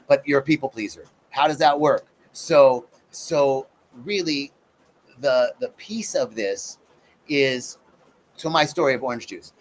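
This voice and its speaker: A man's voice: medium pitch, normal speed, slight background noise. A middle-aged man, a spiritual practitioner, giving a casual live talk and acting out the voices in his own stories. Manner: conversational teacher, acts out voices in his stories. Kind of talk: live-streamed talk on personal growth.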